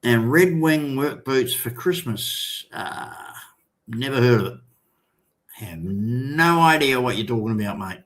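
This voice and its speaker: Older Australian man, slow rambling talk. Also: medium pitch, lively intonation, fairly bright tone. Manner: rambling, halting, with many restarts and fillers. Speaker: livestream host. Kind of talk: casual chat, reading viewer comments.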